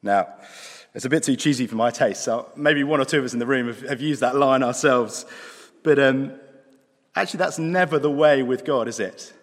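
A man preaching a sermon in a conversational way, with dry asides, slowing down for emphasis. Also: mid-range voice. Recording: long hall reverb.

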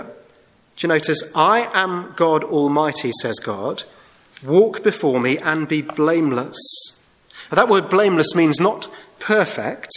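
A man's voice: fairly high pitch, a bit bright. Earnest male preacher in a reverberant hall. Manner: earnest, emphatic, slows down for key phrases. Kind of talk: sermon.

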